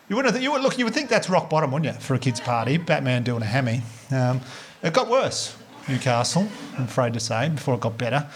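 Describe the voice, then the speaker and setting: An Australian man doing stand-up comedy, telling a story with animated delivery, swearing and acting out the other characters. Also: quick pace. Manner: animated, swearing, acts out voices with big pitch jumps. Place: comedy club stage before a laughing audience. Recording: comedy club with audience noise.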